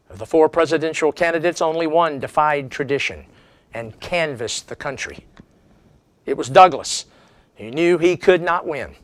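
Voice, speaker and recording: A man's voice: fairly high pitch, fairly bright tone, no room sound. A man giving a history lecture as a seminar speaker, telling it as a dramatic story with strong emphasis.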